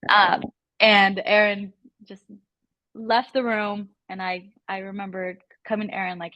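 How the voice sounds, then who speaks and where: A woman's voice: medium pitch, flat delivery, measured pace, pushed and bright, no room sound, muffled recording. A woman telling her sales story in a modest, giggly manner, with lots of fillers. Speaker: sales closer, podcast guest. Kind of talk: casual storytelling.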